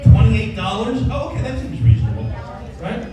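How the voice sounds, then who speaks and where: A man's voice: high-pitched, big pitch swings, fairly quick. An older man doing a wisecracking, rambling stand-up set and bantering with the audience. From Long Island. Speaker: stand-up comedian. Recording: roomy club sound from a distance, with music.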